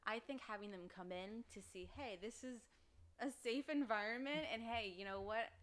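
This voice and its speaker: A woman's voice: fairly high pitch, moderate pace, fairly bright tone. A young woman, a podcast guest, telling candid stories in a casual chat. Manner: candid storytelling, frequent laughs. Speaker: podcast guest, former dominatrix.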